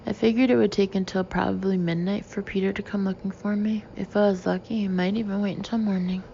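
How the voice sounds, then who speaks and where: A woman narrating a first-person audiobook in a steady, measured way. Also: medium pitch, vocal fry. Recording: slightly dull with faint hiss.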